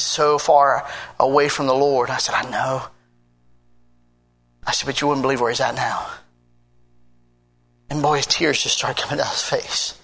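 A man, a pastor giving a sermon testimony, earnestly telling stories and acting out quoted conversations. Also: fairly bright tone. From United States. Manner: earnest storytelling, acting out quoted talk with big pitch swings.

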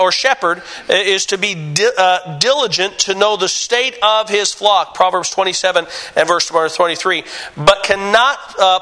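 A male pastor delivers a sermon in a high, bright voice. He presses his points hard, repeating calls to listen and to understand. His phrasing stops and restarts as he works through each point. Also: poor audio.

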